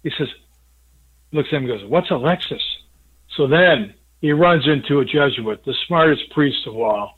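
A man calling into a radio show and telling a joke with animated energy. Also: mid-range voice, moderate pace, husky. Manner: animated storyteller. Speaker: caller. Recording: tinny phone line.

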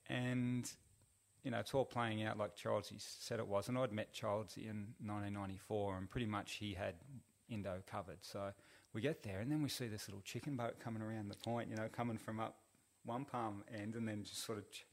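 A middle-aged man, a podcast guest telling a long story in a relaxed, rambling way full of fillers. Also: lowish voice, vocal fry. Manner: rambling, laid-back, lots of fillers. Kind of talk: casual storytelling.

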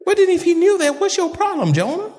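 A man preaching a fervent sermon, rising to shouts and calling on the congregation to answer back. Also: very high voice, sing-song, quick pace, in a large hall. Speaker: pastor.

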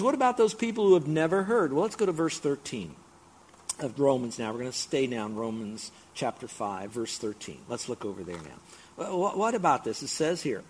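A man's voice: mid-range voice, husky. A middle-aged man preaching a sermon, explaining scripture with emphatic, repeated build-ups. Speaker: pastor.

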